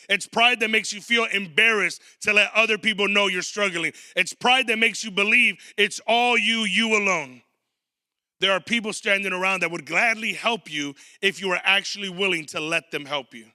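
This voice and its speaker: A man's voice: high-pitched, bright, forceful tone, no echo, studio quality. A man in his thirties preaching a sermon as a guest pastor, telling stories and acting out quotes. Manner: storytelling with acted quotes.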